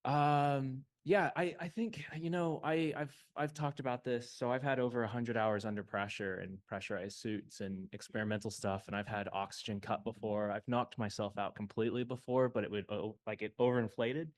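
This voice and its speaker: A man's voice: mid-range voice, steady tone, normal speed, few pauses. A man from the United States, casually telling stories of suit tests on a panel. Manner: casual, uses "like" a lot.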